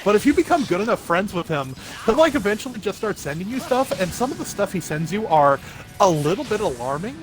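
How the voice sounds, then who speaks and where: Very animated and quick, this high-sitting male voice belongs to a young streamer. He rambles through a story while gaming, packing it with fillers as game music runs underneath.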